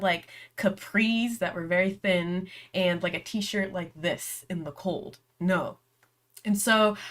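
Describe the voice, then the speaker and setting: A young woman hosts a reading vlog, chatting casually into the camera as a story spills out of her. She rambles along with plenty of fillers and keeps breaking into giggles. Her voice sits at an ordinary middle pitch. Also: fairly bright tone. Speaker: book vlogger hosting reading sprints.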